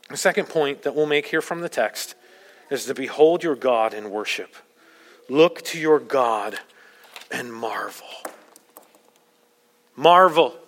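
Male pastor, sermon delivery, bright forceful tone, urgent, soft to loud. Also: medium pitch, long reverb tail. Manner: preaching with urgent emphasis, swinging from soft to loud. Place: church.

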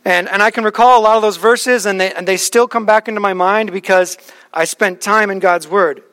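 A man with a notably high voice delivers a sermon in a relaxed, conversational way. He tells stories from his own life and often restarts his sentences. He sounds like a pastor in his thirties. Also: fairly quick. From Alaska.

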